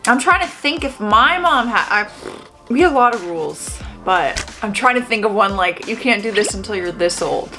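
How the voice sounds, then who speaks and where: Lively bright-voiced chatty woman. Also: mid-range voice, normal speed, faint music behind. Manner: chatty, animated, laughs often. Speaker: host reacting to clips. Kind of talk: casual reaction commentary.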